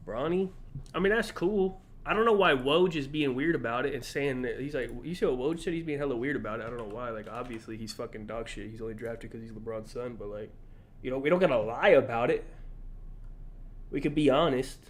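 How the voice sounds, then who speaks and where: A man's voice: mid-range voice, a little fast. A man streaming, reacting in casual, blunt, profane commentary, often incredulous.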